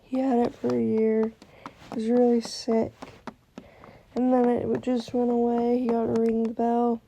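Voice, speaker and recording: A woman's voice: a little high, monotone, a little slow, gravelly, mellow, slight background noise, low-quality recording. A young woman telling an emotional personal story, rambling with restarts and quoting what others said. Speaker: vlogger.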